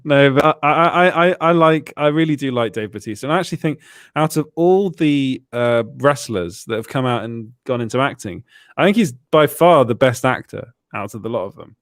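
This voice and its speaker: A man's voice: mid-range voice, animated, normal speed, no echo, clean studio sound. A British man hosting a casual podcast chat, chatty and laughing often at himself. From Britain. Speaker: host.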